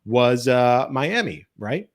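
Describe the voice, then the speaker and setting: A man's voice: medium pitch, sing-song, takes it slowly. A man hosting an interview, eagerly affirming his guest and asking long, winding questions. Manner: enthusiastic, affirming, lots of "right" and "man". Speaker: interviewer, host.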